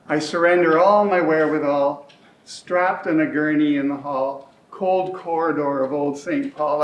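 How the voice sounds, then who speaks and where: A middle-aged man delivers a rhyming stage monologue slowly and deliberately, his voice sitting a little high for a man. The rhythm carries every line, swinging between hushed and urgent. He is recorded from a distance in an echoey community hall. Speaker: monologue performer. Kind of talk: rhymed spoken-word monologue.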